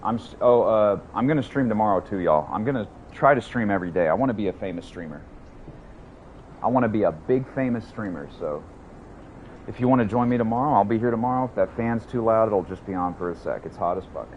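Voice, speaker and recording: A man streaming a game from his hot room at home, talking excitedly and with a lot of swearing to his chat. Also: fairly low pitch, quick pace, muffled recording, slight background noise. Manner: excited, profane, chatty with chat. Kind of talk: casual livestream chat.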